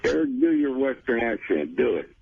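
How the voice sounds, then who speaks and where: A man who is a regular on a radio show, bantering casually and egging a caller on, with a husky voice. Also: medium pitch, big pitch swings, normal speed, no room sound. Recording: dull lo-fi radio broadcast.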